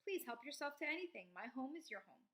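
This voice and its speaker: A woman's voice: high voice, sing-song, fairly quick, bright, forceful tone, heavily acted. A woman voicing a friendly, hospitable female skunk in a read-aloud storybook. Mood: excited.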